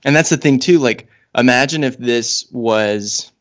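A man's voice: medium pitch, unhurried, a bit bright. A man co-hosting a podcast, chatting casually in a wry, rambling way with frequent fillers. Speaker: podcast co-host.

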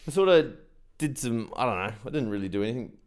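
A man's voice: medium pitch, expressive, fast, darkish tone. A middle-aged man with an Australian accent, telling a story on a podcast with laughs and acted-out quotes. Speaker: podcast co-host. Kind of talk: casual chat.

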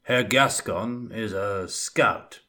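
Storybook knight, zealous and booming, read by a man; slow and low. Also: exaggerated voice. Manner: loud, commanding, fervent. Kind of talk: audiobook character voice.

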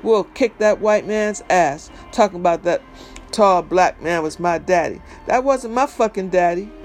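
Guy doing a furious dad yelling and cussing, high strained voice. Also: a little slow, soft background music. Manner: yelling, cursing, indignant. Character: furious grown man, a protective father. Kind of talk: memoir reading.

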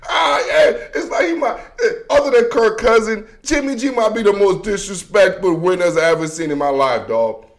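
A man hosts a laid-back football commentary show, animated and slangy, joking as he swings from shouting to muttering. His voice is high-pitched at a moderate pace.

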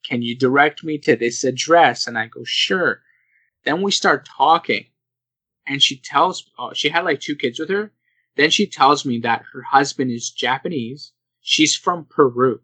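A young man hosting a casual podcast chat, animated and laughing, acting out the people he quotes. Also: medium pitch, measured pace, slightly rough, no echo, low-quality recording. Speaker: podcast host.

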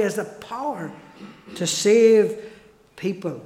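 A man delivers a sermon in an unhurried, high-pitched voice, leaning on repeated phrases. His words ring out in a large room with long, echoing reverb. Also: darkish tone, slight background noise. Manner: slow, emphatic preaching with repeated phrases and restarts. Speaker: preacher. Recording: echoey hall with long reverb.

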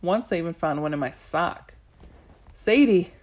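A woman narrating a novel in the first person, measured, with small restarts. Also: low-pitched. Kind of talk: audiobook narration.

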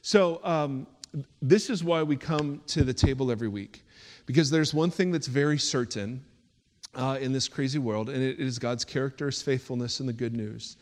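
A man's voice: medium pitch, moderate pace. A man preaching as pastor, in a rambling style with many fillers that rises into a rhythmic preaching cadence. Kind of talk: sermon. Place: church hall. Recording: echoey hall reverb.

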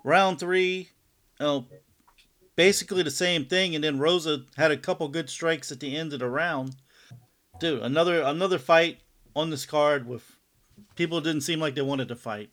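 A man's voice: on the high side, normal speed, fairly bright tone. A man co-hosting a fight podcast, recapping bouts in a laid-back, loosely phrased way with frequent laughs. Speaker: podcast co-host. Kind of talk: casual sports chat.

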